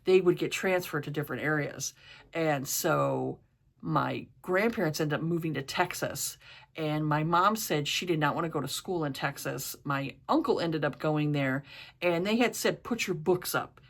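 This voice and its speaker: Low voice woman rambling on, lots of you know and like. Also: moderate pace. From East Coast of the US, New York area. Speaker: book and TV reviewer. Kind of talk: casual chat.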